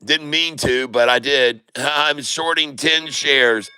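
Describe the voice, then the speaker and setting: A man hosting a live day-trading stream, excitedly calling out share prices and exclaiming to his viewers. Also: mid-range voice, takes it slowly, clean tone, no echo. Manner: exclamatory, rattles off prices, addresses viewers as folks. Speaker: day-trading livestream host.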